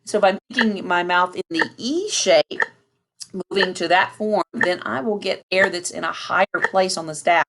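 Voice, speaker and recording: A woman teaches a beginner brass lesson in a patient, steady way. She counts beats aloud and calls out each breath and mouth shape. Her voice sits a little low for a woman. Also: moderate pace. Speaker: band teacher.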